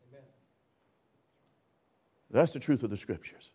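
A man preaching a sermon, addressing the congregation directly and acting out a lifeguard rescue with shouting. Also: medium pitch, unhurried, breathy edge. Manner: calls for audience response.

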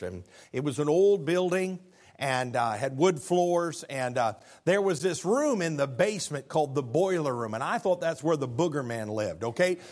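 A man preaching a sermon as pastor, telling stories with an animated delivery, often restarting his sentences. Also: fairly high pitch. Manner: animated storytelling with stammered restarts.

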